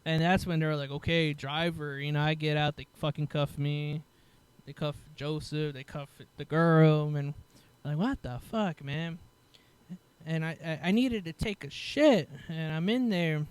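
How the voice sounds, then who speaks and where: A man's voice: on the high side, moderate pace, clean tone. A man telling a story in casual chat, swearing often and acting out what other people said. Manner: animated, swears a lot, laughs, acts out other people's lines. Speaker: podcast host telling a story.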